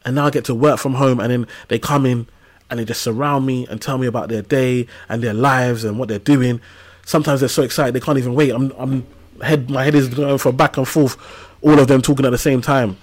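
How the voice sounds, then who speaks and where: A man in his thirties, a podcast guest who tells lively stories in casual slang. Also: mid-range voice, a little fast. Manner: animated storytelling with casual slang. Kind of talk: casual conversational interview.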